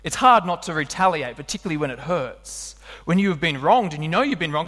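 A man's voice: a little high, a little fast. Male preacher in a reverberant hall. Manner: animated, asks the listeners rhetorical questions. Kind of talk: sermon.

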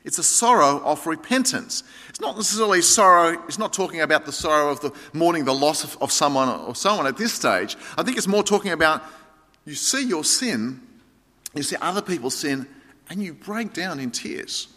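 A man's voice: on the high side, expressive, brisk, sharp tone. A man preaching a sermon with passion, at times rising into a pleading prayer. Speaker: pastor. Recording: long reverb of a large hall.

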